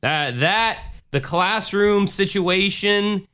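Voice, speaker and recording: A man's voice: high voice, slow pace, bright, forceful tone, smooth. A young man hosting a podcast, chatting loosely, joking around and swearing freely. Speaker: podcast host. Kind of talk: casual chat.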